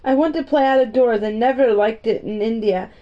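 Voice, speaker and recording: A woman's voice: a little high, brisk, close to an everyday voice. A woman doing an anxious little girl. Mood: earnest. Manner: anxious, tremulous pleading. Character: timid, earnest little orphan girl. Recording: dull, muffled audio.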